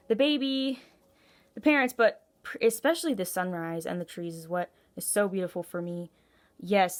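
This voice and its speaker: Rambling, effusive woman reading tarot. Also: medium pitch. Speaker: tarot reader. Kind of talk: casual intuitive tarot reading to camera.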